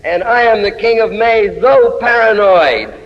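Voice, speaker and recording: A man's voice: high voice, unhurried, in a large hall, highs cut off, slight background noise. A man reading his own poem aloud in a chanting, incantatory way, returning again and again to the same refrain. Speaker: poet. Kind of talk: poetry reading.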